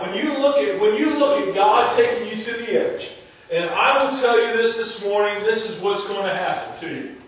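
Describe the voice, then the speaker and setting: A man preaches a sermon in a high voice, stacking emphatic refrains and tossing in casual asides. His voice reaches the microphone from a distance across a large church hall. Heavy echo fills the sound, and faint noise sits underneath. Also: fairly bright tone. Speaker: pastor.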